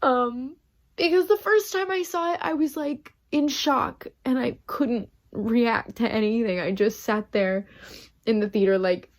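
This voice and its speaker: A woman's voice: fairly high pitch, a little slow, no echo, clean studio sound. A young woman actor talking to her camera in a candid, rambling vlog, openly emotional as she chats, filmed outdoors on city streets with a handheld phone. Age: young adult. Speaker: actor and vlogger. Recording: street noise and traffic behind.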